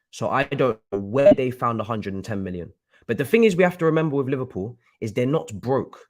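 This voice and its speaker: A man ranting angrily on a live stream about his football club, swearing and repeating himself. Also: medium pitch. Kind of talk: heated live-stream rant.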